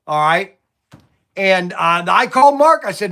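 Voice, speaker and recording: Venting on his livestream, this middle-aged Ohio man who runs a toy shop stammers and keeps restarting as he rambles through his stories. He speaks in a high, sing-song voice that sounds pushed and bright, going a little slowly and pausing often.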